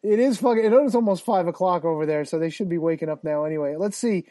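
A man hosting a casual podcast, swearing freely and rambling excitedly while reading out listener comments. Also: high-pitched, fast talker, dry recording. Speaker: podcast host. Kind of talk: casual chat.

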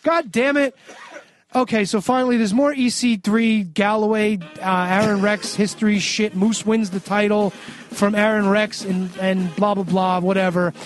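A man's voice: high-pitched, level tone, normal speed, faint music behind. A man recapping a wrestling show on a podcast in a sarcastic, ranting way with lots of swearing. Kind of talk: casual profane recap.

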